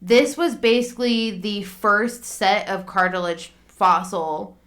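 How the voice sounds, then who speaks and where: A woman's voice: medium pitch, slow, fairly bright tone. A woman co-hosting a podcast in casual chat, laughing often and stumbling over her notes. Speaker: podcast co-host.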